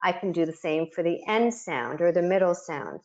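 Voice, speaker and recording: A woman's voice: fairly low pitch, expressive, normal speed, creaky, lo-fi sound. A middle-aged woman giving an instructional webinar, explaining and sounding out speech sounds for educators. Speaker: webinar facilitator.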